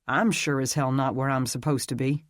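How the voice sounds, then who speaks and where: A man's voice: mid-range voice, fairly even intonation, moderate pace, fairly bright tone, no echo, studio quality, close to an everyday voice. Narrator doing a wisecracking Texan man. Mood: wry. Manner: joking, wry.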